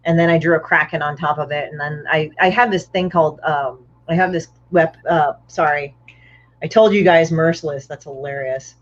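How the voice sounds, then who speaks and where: A woman's voice: deep voice, fairly even intonation, normal speed, dull audio. A woman guest telling stories in casual chat, blunt and profane, over a video call. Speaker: guest comic artist.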